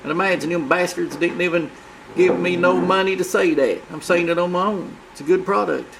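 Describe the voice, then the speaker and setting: A brash male monkey puppet with a high, crude drawl, as a man puts him on. He rambles and boasts as the show's host in comic puppet banter. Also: brisk, gravelly, noisy background. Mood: rambling.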